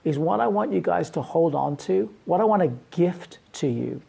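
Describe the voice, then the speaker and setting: Earnest woman pastor, husky and fairly low, preaching with frequent restarts. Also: expressive, normal speed, mellow. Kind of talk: sermon.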